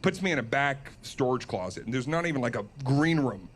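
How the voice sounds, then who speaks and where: A man's voice: mid-range voice, expressive, brisk, slight background noise. A man telling a comic story as a solo podcast host, self-mocking and laughing at his own tale. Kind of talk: comedic storytelling.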